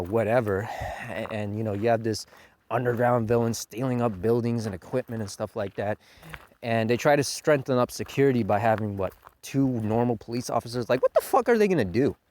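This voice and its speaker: Man, casual profane reviewer, very lively pitch, mocking and exasperated. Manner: animated, profane, mocking with high put-on quotes. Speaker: show reviewer. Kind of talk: ranting review vlog.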